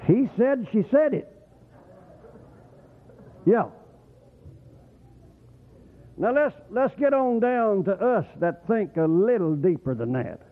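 Folksy preacher on tinny radio. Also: male voice, high-pitched, lively intonation, slow, long pauses. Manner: rambling, folksy, swoops up into whoops. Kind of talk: folksy sermon. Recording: tinny phone-like radio broadcast.

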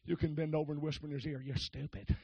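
A male preacher giving a fervent holiness sermon, shouting and calling out to the congregation. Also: fairly high pitch, little pitch movement, very fast, no echo, muffled recording. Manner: exclaims, shouts and calls out to the congregation.

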